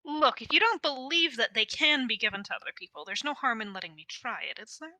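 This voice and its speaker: A woman running a tabletop role-playing game as game master, explaining rules and outcomes in a measured, wry way. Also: on the high side, animated, pushed and bright, no echo, low-quality recording.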